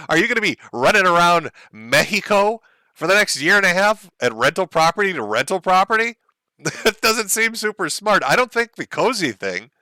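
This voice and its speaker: A man's voice: a little high, sharp tone, dry recording. A man hosting a livestream, mocking and sarcastic, swearing and laughing at his own jokes. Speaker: livestream host.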